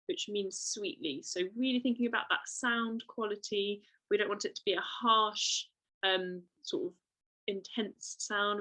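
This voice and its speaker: A woman's voice: mid-range voice, bright, forceful tone, rough recording. A young woman giving an online trumpet lesson, explaining patiently and encouragingly with many fillers. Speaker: trumpet teacher.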